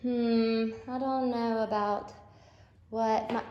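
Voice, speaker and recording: Woman, kindergarten teacher, slow exaggerated phonics talk, lively higher pitch, roomy classroom echo. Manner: animated, playful and exaggerated, gasping and acting surprised. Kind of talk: phonics lesson to young children. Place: empty classroom.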